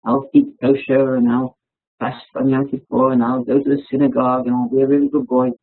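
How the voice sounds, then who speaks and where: A man's voice: medium pitch, little pitch movement, brisk, vocal fry. A man voicing a desperate man hanging from a cliff, pleading and eager to bargain, over a tinny phone-like line.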